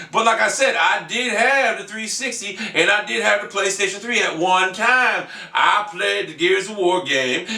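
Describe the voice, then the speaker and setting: A man ranting in a video blog, profane and rambling, who breaks into shouts, recorded in a back room of his house. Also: high-pitched, recorded from a distance. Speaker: video game vlogger. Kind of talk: profane game-console rant. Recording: echoey room, voice off-mic.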